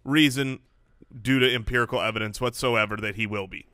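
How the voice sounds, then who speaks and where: A man with a bright, forceful voice co-hosts a casual sports podcast. He sounds analytical and dryly wry. The recording is close and dry. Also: mid-range voice, fairly even intonation, a little fast, no echo. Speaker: podcast co-host.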